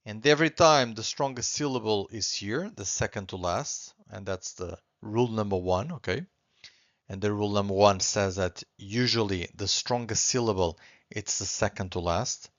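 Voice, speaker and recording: A man teaching a beginner language lesson, patiently repeating words slowly and clearly. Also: fairly low pitch, fairly bright tone, no room sound, highs cut off.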